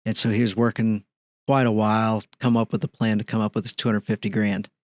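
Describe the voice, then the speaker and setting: A middle-aged man, a podcast guest, telling stories in easy conversation with an animated delivery. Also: lowish voice, fast, no room sound. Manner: animated, acts out dialogue in his stories. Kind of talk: conversational storytelling.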